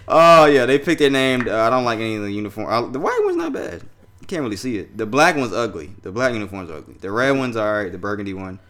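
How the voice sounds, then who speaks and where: A man's voice: fairly low pitch, fast. Loose, cursing young man talking sports. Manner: loose, animated, swears freely, reads texts aloud. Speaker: podcast host. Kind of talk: casual sports chat.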